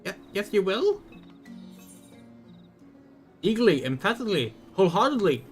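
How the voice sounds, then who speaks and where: A man's voice: high-pitched, very animated, moderate pace, soft background music. A man voicing a small, timid male kobold who wails and piles up gloomy synonyms. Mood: pleading.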